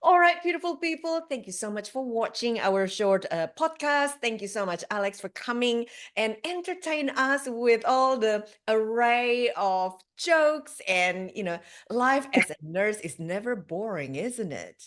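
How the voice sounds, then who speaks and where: Lively woman hosting a podcast. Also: a little high, unhurried, few pauses. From Indonesia. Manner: chatty, laughs often, upbeat sign-off. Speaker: podcast host. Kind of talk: podcast interview.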